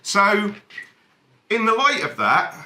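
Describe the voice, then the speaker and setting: Animated man doing stand-up. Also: high-pitched, takes it slowly, slight background noise. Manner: wry, deadpan delivery with sudden animated outbursts. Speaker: stand-up comedian. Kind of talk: stand-up comedy set. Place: cabaret bar venue, echoey room. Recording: echoey room, faint ambience.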